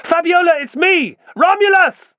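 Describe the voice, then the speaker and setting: A man voicing a young male legionary who shouts desperately across a crowded dock. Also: sits high, wildly swooping pitch, fast talker, no room sound, narrow, tinny audio, voice pushed up, full character voice. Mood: desperate shouting.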